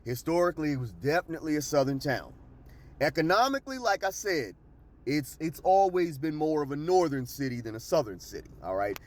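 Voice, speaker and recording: A man's voice: fairly high pitch, sing-song, a little fast. Emphatic man. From Baltimore, Maryland. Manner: emphatic, keeps checking in with "okay?" and "all right?". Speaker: history educator. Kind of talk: casual explanatory monologue. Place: outdoors in the sun.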